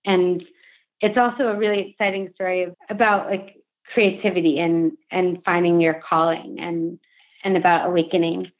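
A woman's voice: fairly low pitch, little pitch movement, moderate pace. A young adult woman speaking earnestly and candidly as a podcast guest, with frequent "like" fillers. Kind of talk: candid interview conversation. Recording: phone-line remote call.

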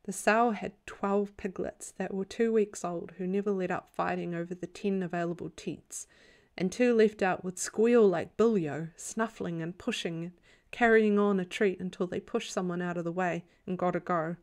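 A woman reading a novel aloud as a bedtime story in a calm, even storytelling voice. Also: on the low side, moderate pace. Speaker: audiobook reader.

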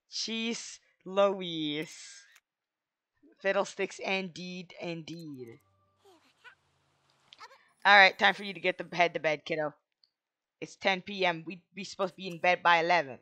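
A let's play host giving casual gameplay commentary, excitable, with goofy mild exclamations and bursts of squealing shouts. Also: medium pitch, normal speed, pauses often.

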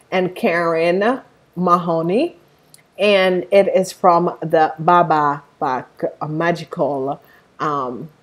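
A woman reviewing a tarot deck on her channel, gushing and rambling with many fillers and tangents. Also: lowish voice. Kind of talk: unboxing review vlog.

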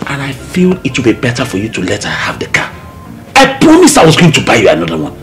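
A nigerian husband, fed up and mocking, voice jumps all over, music behind. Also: male voice, medium pitch, wildly swooping pitch, quick pace. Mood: exasperated. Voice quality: exasperated, mocking. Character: husband dismissive of his first wife. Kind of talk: Nollywood film acting.

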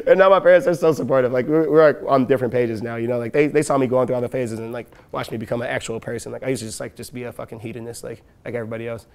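Late-20s man, quick delivery, casual interview talk with lots of "like" and laughs. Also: medium pitch, steady tone, darkish tone. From west side of Chicago. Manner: loose, profane, laughing often, full of "like" and "you know". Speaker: rapper and producer, interview guest.

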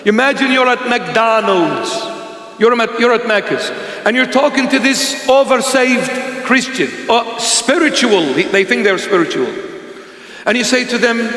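A man's voice: very high-pitched, expressive, a little slow, bright, forceful tone, roomy sound, in a large hall. A man preaching a humorous sermon to young people, teasing his listeners and chuckling between points.

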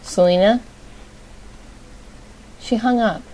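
A woman's voice: on the high side, slow pace, warm tone, rough recording. A young woman hosting a show, making prank calls and bossing her co-host around with blunt swearing. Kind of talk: casual chat and prank calls.

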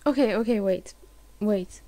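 A woman's voice: mid-range voice, unhurried, mellow. A woman hosting a let's play, giving emotional game commentary with swearing and lots of restarts.

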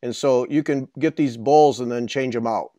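A man's voice: medium pitch, normal speed, mellow, no echo. A man co-hosting the show, easygoing and joking, who asks questions and reads announcements. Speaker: show co-host. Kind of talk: casual chat and announcements.

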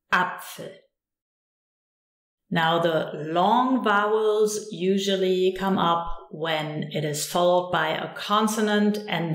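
Slow, patient woman teaching in a roomy space. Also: lowish voice, vocal fry. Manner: calm, patient explanation that stops often to say example words slowly and repeat them. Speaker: language teacher. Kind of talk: recorded lesson.

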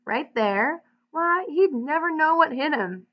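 A woman reading the part of a blunt, gruff male ranch hand in a folksy drawl, on a dull lo-fi recording. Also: high voice, expressive, slow, pitched above the performer's own voice. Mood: insistent.

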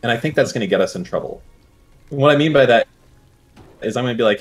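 A man's voice: medium pitch, animated, fast talker, long pauses. A man with an American accent, a streamer talking in casual, brash, crude, joking banter. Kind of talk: casual podcast chat.

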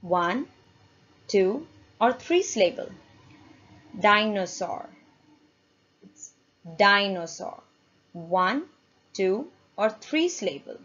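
Slow-speaking woman teacher quizzing pupils. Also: medium pitch, very animated, husky. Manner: slow, deliberate, quizzing pupils with repeated questions. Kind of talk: classroom lesson for children. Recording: dull lo-fi recording.

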